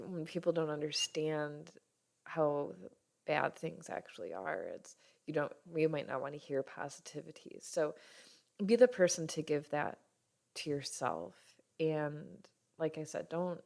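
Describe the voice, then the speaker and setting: A woman in her thirties hosting a podcast as a doctor, talking frankly and warmly in an unscripted way, and sometimes acting out what others say. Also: deep voice, vocal fry. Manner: frank and heartfelt, swears casually, acts out others' lines. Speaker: podcast host, functional medicine doctor. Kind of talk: candid solo podcast talk.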